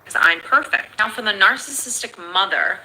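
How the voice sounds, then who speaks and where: Woman, measured explainer from a played talk clip, very bright tone. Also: medium pitch, expressive, slight background noise, poor audio. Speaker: speaker on narcissistic parenting.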